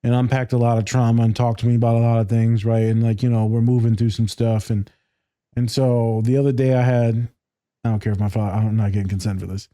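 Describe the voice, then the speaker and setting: A man's voice: mid-range voice, level tone, fast, dark tone, dry recording, studio quality. A man co-hosting a podcast, telling a story in casual chat, laughing often and swearing freely. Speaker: podcast co-host.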